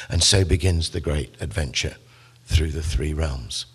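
A man giving a literature lecture, telling the story with animated, acted-out quotes. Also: very deep voice, measured pace, husky.

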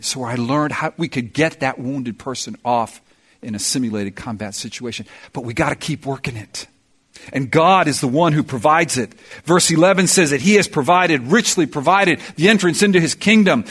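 A male pastor preaching a sermon and leading prayer, telling stories in an animated way and often repeating words as he builds toward a point. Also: a little high, slightly rough.

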